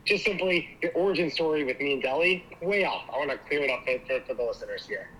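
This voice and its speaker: A man calls into a casual podcast to air his complaints, stumbling over repeated words. His voice comes through sharp and bright on a weak microphone, with faint hiss in the background. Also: on the high side, animated, poor audio. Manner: halting, with many repeated words. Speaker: caller. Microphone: weak, quiet phone mic. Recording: quiet call line with faint noise.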